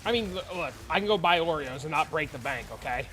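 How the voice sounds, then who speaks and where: A man's voice: fairly high pitch, expressive, fast, sharp tone, a little hiss or hum. A man, a father, chatting loosely and profanely on a game stream, telling stories with animation. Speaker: father of young kids. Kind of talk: casual livestream chat.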